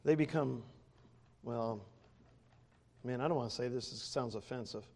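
A man preaching a sermon, a former pastor, who swings from loud to quiet and laughs between points. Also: medium pitch, normal speed, vocal fry.

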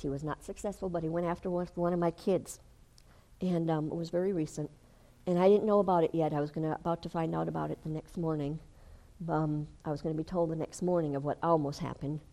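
Older woman preacher, fervent sermon delivery that builds to shouting. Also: low voice. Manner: fervent, rises to shouting when retelling. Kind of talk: sermon testimony.

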